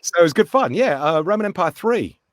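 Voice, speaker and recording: Middle-aged guy, actor telling showbiz stories, pitch jumps all over, dry close sound. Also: brisk, no echo. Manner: animated storyteller, acts out voices in anecdotes. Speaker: actor and voice actor, guest. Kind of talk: casual interview chat.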